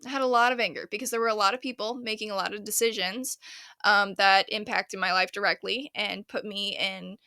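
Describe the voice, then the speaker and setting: A woman's voice: medium pitch, fairly even intonation, brisk, sharp tone, clean tone, no echo, clean studio sound. A young woman hosting a casual solo podcast, chatty and slangy, laughing often as she retells a story in her own words. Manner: chatty, laughs often, paraphrases scripture in slangy put-on voices. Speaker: podcast host.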